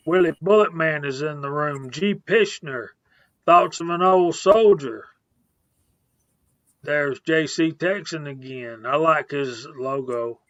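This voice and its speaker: A man hosts a casual live stream, working slowly through a list of viewers' names in a relaxed way. His voice sits a little high for a man. The sound is dry and a bit dull and lo-fi. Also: no echo. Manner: reads out viewer names, laid-back.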